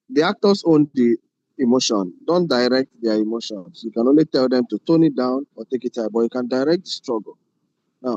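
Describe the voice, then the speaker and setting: A man's voice: medium pitch, darkish tone, no room sound, muffled recording. Man lecturing. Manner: repeats phrases, explains with rhetorical questions. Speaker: film directing instructor. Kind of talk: classroom lecture.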